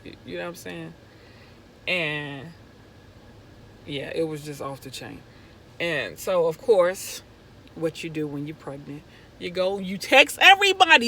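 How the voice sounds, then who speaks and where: A young woman vlogger telling a personal story in an animated way, going from hushed to loud when excited. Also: mid-range voice, creaky, slight background noise, low-quality recording. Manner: excitable, swings from hushed to near-shouting.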